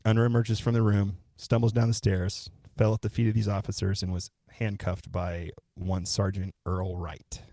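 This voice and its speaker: Man, very low voice, dry close mic, casual true-crime storytelling, co-host. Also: normal speed, hardly any pauses, no room sound. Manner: relaxed, profane, retells events step by step. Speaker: podcast co-host.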